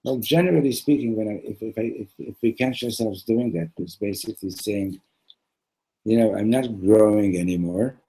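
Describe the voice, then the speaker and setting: A man, a rabbi, giving a casual sermon with a joke, talking in a halting way with many repeated words and conversational asides. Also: lowish voice, warm tone, breathy edge, low-quality recording. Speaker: rabbi teaching a class.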